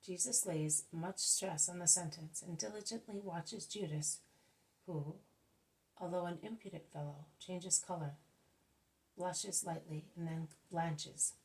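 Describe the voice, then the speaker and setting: Female narrator for devotional reading; low-pitched, gravelly, unhurried. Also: a little mellow, rough recording.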